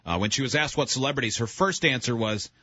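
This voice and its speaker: A man's voice: medium pitch, fast, pushed and bright, slightly rough, no room sound. A man hosting a morning radio show, teasing and laughing easily. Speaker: radio host. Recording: dry, dull studio sound.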